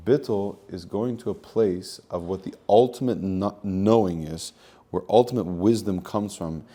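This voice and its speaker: Male spiritual coach, low and mellow, earnest, repetitive teaching talk. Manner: earnest, repeats phrases, uses Hebrew terms. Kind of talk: teaching monologue.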